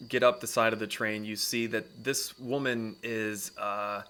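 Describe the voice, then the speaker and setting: A man running a tabletop fantasy game, describing the scene in measured narration with small fillers. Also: fairly low pitch, flat delivery, bright, forceful tone, smooth. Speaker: dungeon master.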